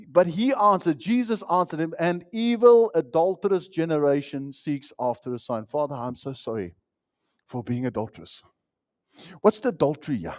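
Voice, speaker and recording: A male pastor delivering a sermon in a slightly high voice. His pitch leaps and falls freely, and he moves between loud, emphatic lines and soft, almost whispered asides. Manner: animated, swings from loud emphasis to hushed asides.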